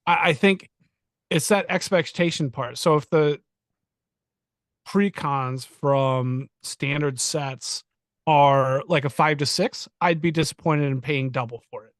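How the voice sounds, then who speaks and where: A man co-hosting a laid-back chat show. His voice sits a little high and sounds dry and close to the mic. He thinks out loud, stumbles over the first words of a sentence, and chuckles between points. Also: slow pace, no echo. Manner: repeats words when starting, chuckles, thinks aloud. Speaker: podcast co-host. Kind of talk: casual chat.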